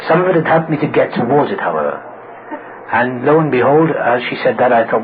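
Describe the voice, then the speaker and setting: A man's voice: medium pitch, brisk. A middle-aged man speaking at a recovery meeting, telling his own story with humor and acting out the voices of people he quotes. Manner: animated, acts out quoted voices. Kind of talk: humorous personal storytelling talk. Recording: tinny phone-like old recording with hiss.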